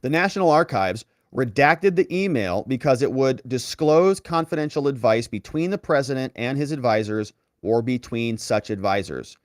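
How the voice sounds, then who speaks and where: Brief: male legal-news host, mid pitch, sarcastic asides, dry close-mic sound. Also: expressive, normal speed, few pauses, no room sound. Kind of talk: online political commentary.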